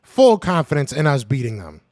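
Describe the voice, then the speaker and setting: A man hosting a live podcast, reading the chat and trash-talking in a casual, animated way; he is a little sick. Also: medium pitch, moderate pace, no echo, clean studio sound.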